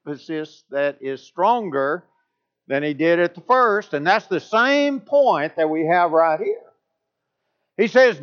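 A man preaches a sermon emphatically, pushing his pitch up to stress key points. The recording is dull and lo-fi.

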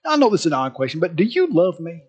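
A man doing a gentle loving father. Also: fairly high pitch, very animated, fast, slightly rough. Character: gentle loving father testing his young daughter.

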